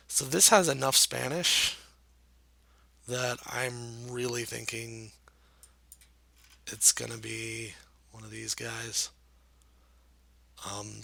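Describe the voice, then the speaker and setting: A man casually commenting while playing a geography guessing game, thinking out loud with many hesitations and self-deprecating remarks. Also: medium pitch, vocal fry. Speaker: gameplay commentator. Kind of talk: casual let's-play commentary.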